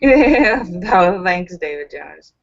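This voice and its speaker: A woman's voice: lowish voice, sing-song, drawn-out words. A woman hosting a casual live stream, giggling often and chatting with viewers through fillers and restarts. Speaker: live stream host reading viewer comments. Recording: slightly dull lo-fi stream audio.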